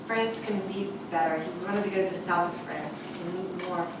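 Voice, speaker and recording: A woman's voice: fairly low pitch, normal speed, background noise. A woman improv student narrating her part of a group story with animation. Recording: echoey room from far off.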